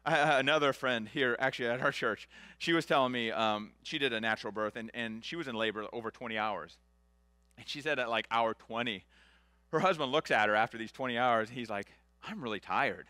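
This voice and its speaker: A middle-aged male pastor preaching a sermon in a conversational way, swinging from loud animated passages to hushed, soft ones. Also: mid-range voice, fairly quick, clear, resonant tone, no room sound.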